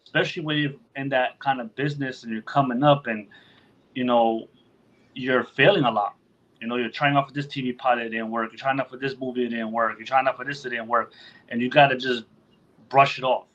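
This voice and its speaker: A man talking casually as a podcast host, loose and full of swearing, who slips into other people's voices to act out what they would say. His pitch sits in an ordinary middle range. The recording sounds a little dull and lo-fi. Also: steady tone, fairly quick, a bit bright. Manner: loose and profane, acts out quotes in other voices. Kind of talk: casual chat.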